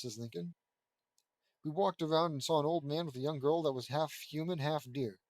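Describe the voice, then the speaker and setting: A man reads a fan-fiction story aloud in a relaxed, offhand way. His voice sits a little high for a man and sounds dry and close, with no room in it. He trips over names and keeps breaking off to mock the text. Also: normal speed, no echo, rough recording. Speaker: audiobook reader of fan fiction. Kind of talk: casual reading aloud with mocking asides.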